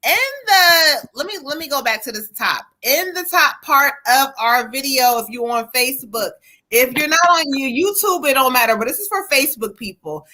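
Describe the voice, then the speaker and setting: A woman's voice: high voice, animated, moderate pace, bright, forceful tone. A woman hosting a live psychic reading stream over a video call, chatty and casual, laughing easily and talking to the viewers. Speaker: host and psychic medium.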